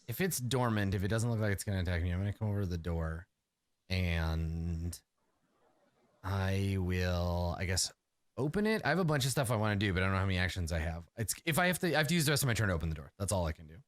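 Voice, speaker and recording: A man playing a tabletop game, thinking out loud about his moves and swearing now and then. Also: sits low, fast, no echo. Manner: animated, thinking aloud, swears. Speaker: player.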